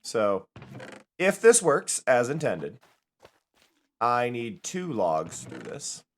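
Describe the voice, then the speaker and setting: A man's voice: mid-range voice, huge pitch swings, takes it slowly. A young man chatting casually on a live stream while playing a game, rambling and laughing often.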